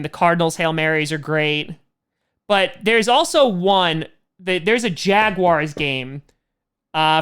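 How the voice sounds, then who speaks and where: A man, a comedian, reads fan questions aloud on a casual livestream and answers them with quick, self-mocking jokes and laughs. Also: high voice, fairly bright tone. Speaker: comedian hosting a fan Q&A stream.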